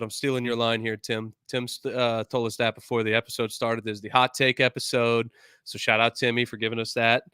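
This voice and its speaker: A man with an American accent hosting a casual sports podcast, loud and joking, swearing freely. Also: medium pitch, clean tone, dry recording, studio quality. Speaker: podcast host.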